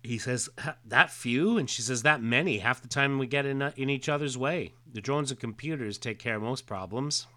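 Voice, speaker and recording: A man's voice: medium pitch, moderate pace, few pauses. A man co-hosting a casual podcast, reading comic dialogue aloud with frequent hesitations. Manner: relaxed, hesitant with fillers, reads quotes plainly. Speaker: podcast co-host.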